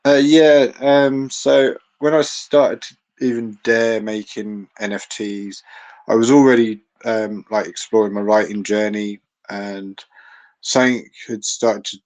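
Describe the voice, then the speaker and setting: An English man with a blended southern and northern accent talks in a loose, rambling way. He keeps circling back with fillers and false starts. His voice sits slightly low. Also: fairly even intonation, measured pace, a little mellow, poor audio. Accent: mixed English, southern with a northern twang. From England. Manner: rambling, many fillers and restarts. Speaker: guest. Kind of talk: casual chat on a live audio space.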